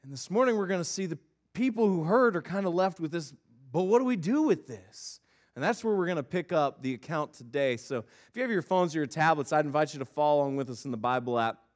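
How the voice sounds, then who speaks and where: Animated higher-voiced pastor telling a story. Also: male voice, fast. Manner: animated storyteller, repeats words as he goes. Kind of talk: sermon with personal storytelling. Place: church sanctuary.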